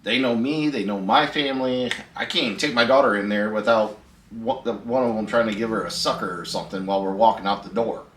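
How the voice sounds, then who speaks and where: A man's voice: on the low side, quick pace, a bit bright, recorded from a distance, slight background noise. A middle-aged man, hosting a casual storytelling vlog in a laid-back, chatty way and laughing at his own story. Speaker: host. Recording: echoey room, voice a bit off-mic.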